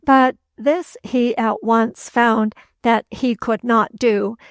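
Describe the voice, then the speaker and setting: A woman narrating a classic novel for an audiobook, measured and steady. Her voice sits slightly high and barely moves in pitch as she reads slowly. The recording is dry and close. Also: no room sound. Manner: measured, even storytelling.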